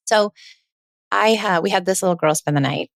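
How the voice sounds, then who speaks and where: A woman in her forties hosts a parenting show, telling a family story in a loose, chatty way and acting out the quoted dialogue as she goes. Her voice sits at a middling pitch, and the recording is dry and close, with no room sound around it. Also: normal speed, vocal fry, dry recording. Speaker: parenting podcast host. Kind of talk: casual storytelling monologue.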